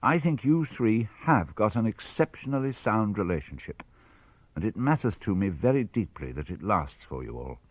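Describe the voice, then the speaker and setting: An older man with a British accent reading a father's letters aloud for radio, measured and expressive. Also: lowish voice, no room sound. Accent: British English. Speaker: reader of letters.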